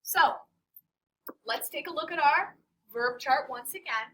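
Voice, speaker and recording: A woman teaching a Spanish class, playful and animated, quizzing her students as she goes. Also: high voice, measured pace. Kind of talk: classroom lesson. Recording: distant classroom mic.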